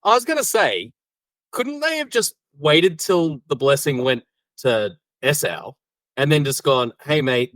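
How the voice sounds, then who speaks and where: A man in a casual podcast chat, joking and animated, throwing out quick what-if remarks. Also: a little high, dry recording, rough recording. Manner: jokey, animated, quick to act out quotes. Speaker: podcast co-host.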